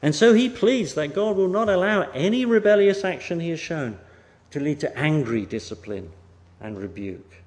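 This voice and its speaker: A male preacher delivering a Bible sermon in a fairly high voice that swings widely in pitch. He leans hard on key words and then lets his sentences sink quietly at the end. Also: expressive, moderate pace. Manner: emphatic, rising for stress and dropping soft at phrase ends. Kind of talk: expository sermon.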